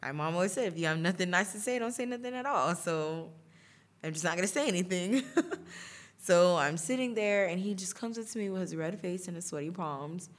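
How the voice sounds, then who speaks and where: A woman's voice: fairly low pitch, brisk. A young woman hosting a podcast, telling a personal story in a chatty way, laughing often and using lots of fillers. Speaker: podcast host. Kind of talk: casual storytelling.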